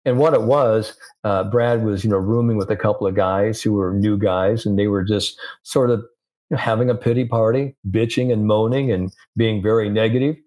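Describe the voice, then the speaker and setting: An older man with a fairly low voice talks through his stories in an easy, conversational way. He quotes the people in his anecdotes as he goes, the way a sports psychologist explains ideas on a podcast. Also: moderate pace. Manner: storytelling, animated with anecdotes and quotes.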